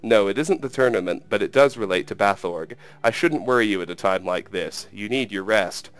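A man's voice: on the low side, fairly quick, lightly acted. A man reading aloud who voices an aging, grief-stricken king in a sad, heavy delivery. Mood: grieving.

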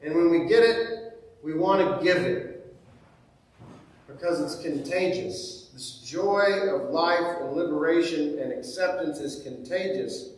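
High-voiced, slow-spoken male preacher. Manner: conversational, repeats key phrases for emphasis. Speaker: pastor. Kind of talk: sermon. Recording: very echoey church, mic far off.

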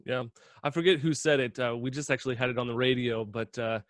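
A man's voice: mid-range voice, quick pace, a bit bright, no room sound, studio quality. A man hosting a radio interview in a conversational way, with many fillers. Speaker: radio host.

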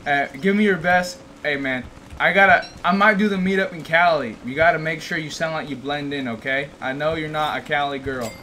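A man chatting and teasing a friend on a gaming stream, animated and jokey. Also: on the high side, brisk, slight background noise. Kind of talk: casual gaming stream chat.

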